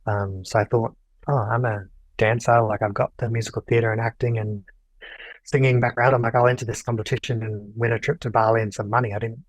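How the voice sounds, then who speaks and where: Young male podcast guest, casual storyteller, animated, medium pitch, dry close mic. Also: a little fast, no echo, poor audio. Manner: animated, acts out quoted dialogue.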